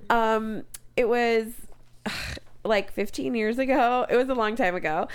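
A woman in her thirties tells a story on a casual comedy podcast, swearing freely and acting out the people in it. Her voice sits somewhat high. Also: measured pace, clean tone. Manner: profane, animated storytelling with laughs. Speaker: podcast co-host telling a story.

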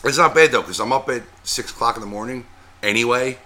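A man's voice: mid-range voice, fast talker, a crowd in the background. A man co-hosting a podcast in casual chat, laid-back and matter-of-fact. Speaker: podcast co-host.

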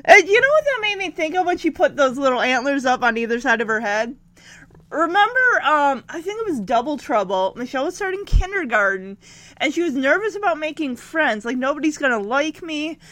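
Woman, casual recap host, high bright voice, swings all over. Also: fairly quick, no echo. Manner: animated, chatty, laughing. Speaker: show recapper.

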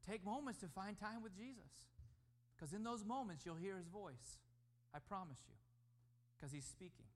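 High-voiced male pastor preaching. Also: lively intonation, moderate pace. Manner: emphatic preaching, rising and falling in loudness. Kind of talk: sermon.

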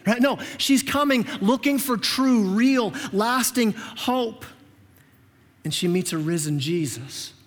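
A male pastor giving a sermon in an animated, conversational way, often repeating words as he restarts. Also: high voice, slow. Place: church sanctuary. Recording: reverberant church sanctuary.

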